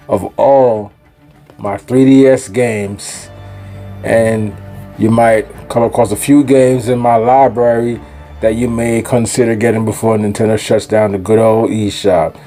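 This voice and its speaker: A man's voice: lowish voice, steady tone, unhurried, warm tone, faint music behind. A man with a Jamaican accent, chatting casually as host of his own gaming vlog in a laid-back, slangy way. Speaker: gaming YouTuber.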